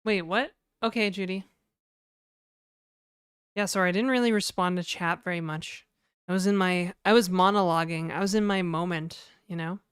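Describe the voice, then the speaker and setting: Chatty woman streamer, smooth dry voice. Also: on the low side, moderate pace, dry recording. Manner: chatty, reads chat aloud, frequent fillers. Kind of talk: casual live-stream chat.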